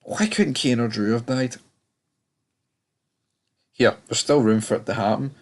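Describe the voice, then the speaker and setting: A man's voice: medium pitch, measured pace. A man giving a casual, rambling review of a TV episode, often stammering and repeating words. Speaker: TV show reviewer.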